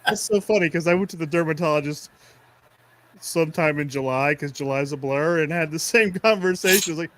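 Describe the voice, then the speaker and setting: Middle-aged guy, kinda high voice, laughs a lot, easygoing podcast chat. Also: a bit bright. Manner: chatty and quick to laugh, eager listener. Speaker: podcast co-host. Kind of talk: casual chat.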